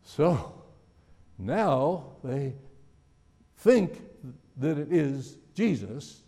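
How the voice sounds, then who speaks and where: A man preaching a sermon in a relaxed, conversational way, musing aloud and putting questions to his listeners. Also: mid-range voice, slow pace, vocal fry. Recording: long hall reverb.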